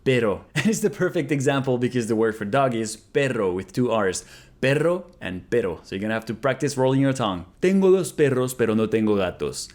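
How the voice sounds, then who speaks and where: A man narrating a casual language lesson, repeating phrases slowly after an app. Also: medium pitch, lively intonation, a little mellow. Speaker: language learner vlogger. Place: Canada.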